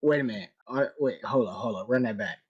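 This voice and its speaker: A man's voice: medium pitch, fast talker, breathy edge, highs cut off. A man co-hosting a podcast, tossing in profane remarks in casual chat. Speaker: podcast co-host.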